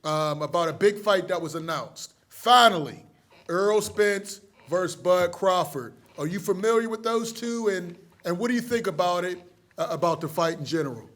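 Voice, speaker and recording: A man's voice: sits high, moderate pace, fairly bright tone. A man hosting an interview and asking the guest questions in an inquisitive way. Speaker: host.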